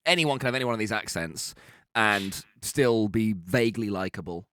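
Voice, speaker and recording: A man's voice: lowish voice, lively intonation, normal speed, a bit bright, no room sound. A man co-hosting a podcast, chatting casually in a wry, musing way. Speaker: podcast co-host. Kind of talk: casual chat.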